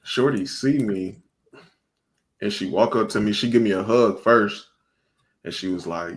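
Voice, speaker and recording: Low-voiced laid-back man telling stories. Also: unhurried, pauses often. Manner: laid-back storyteller, slangy and laughing often. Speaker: podcast co-host. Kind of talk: casual chat.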